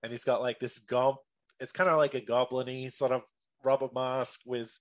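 A podcast guest in casual chat, animated and playful while describing a movie. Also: mid-range voice, normal speed. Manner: animated, acts out characters in quotes.

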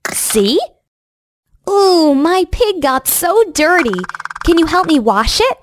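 A young woman giving slow, scripted, encouraging narration to young children in a game, like a preschool teacher, recorded close to the mic. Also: very high-pitched, sing-song, slight background noise.

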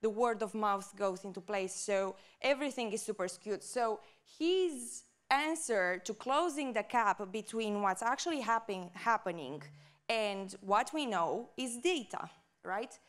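A woman's voice: medium pitch, expressive, unhurried. A woman giving a conference talk. She speaks with enthusiasm, often checks in with "right?", and her microphone cuts out at times. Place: conference stage.

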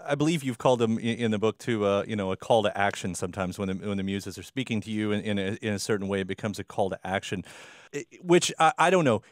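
A man's voice: lowish voice, quick pace, dry recording. Hesitant male interviewer, dry sound. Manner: hesitant, many restarts and fillers. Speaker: interview host. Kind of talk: conversational interview.

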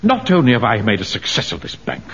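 A pompous bank manager. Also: male voice, fairly low pitch, quick pace. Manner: pompous, self-important, lively delivery. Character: pompous middle-aged male bank manager and platoon captain. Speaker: bank manager and platoon commander. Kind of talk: 1970s radio sitcom acting. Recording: dull old radio recording with faint hiss.

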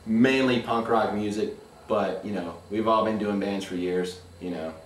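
A guitarist and vocalist chats casually in a band interview at a music venue, his voice on the low side and his pace normal. He's laid-back and leans heavily on "you know." The recording sounds distant and echoey, with ambient noise.

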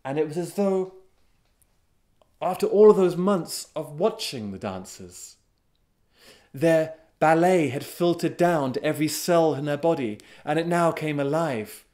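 Slow, dramatic male storyteller. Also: on the high side. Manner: unhurried and dramatic, with sudden swells of excitement. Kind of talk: storytelling narration.

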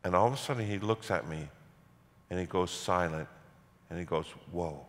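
A middle-aged man preaching a sermon as pastor, telling a story with animated, self-mocking humor. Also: sits low, fairly quick. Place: large church hall. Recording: church hall reverb.

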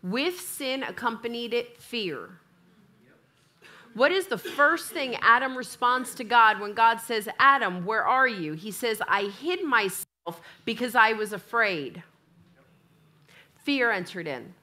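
Slow and on the high side, a woman preaches in church while telling an amusing personal story. She brings both sides of the dialogue to life with animated delivery.

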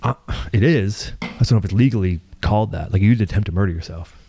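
A man's voice: fairly low pitch, quick pace, warm tone, slight background noise. A man hosting a casual podcast chat, rambling through a story with lots of restarts and casual swearing. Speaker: podcast host.

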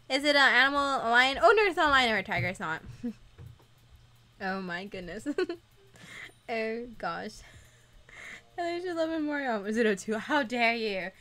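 High-pitched giggly young woman streamer. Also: sharp tone. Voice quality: stuffy nose. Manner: giggly, dramatic outbursts while playing. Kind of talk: casual gaming stream chat.

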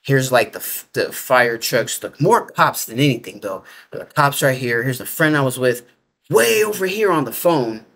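A man's voice: mid-range voice, lively intonation, normal speed, gravelly, fairly bright tone. A man telling his story in a loose, casual way, full of filler words and informal grammar. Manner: rambling, heavy use of filler 'like'. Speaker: interview guest.

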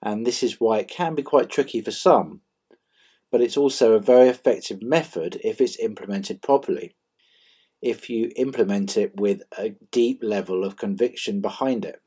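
A man's voice: lowish voice, moderate pace, dark tone, husky. A man hosting a channel, earnestly explaining a self-help method and repeating key phrases for emphasis.

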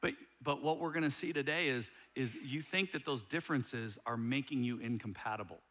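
A middle-aged man preaching a sermon as a pastor, telling a story with animated humor. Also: medium pitch, fairly quick.

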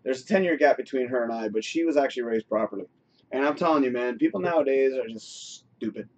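A man hosting a casual live talk show, animated and encouraging, saying "you know" a lot. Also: medium pitch, fast. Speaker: host. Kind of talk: casual chat.

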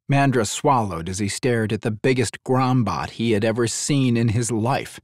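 A man narrating an audiobook in an expressive, scripted storytelling style. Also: mid-range voice, normal speed, hardly any pauses, dry recording.

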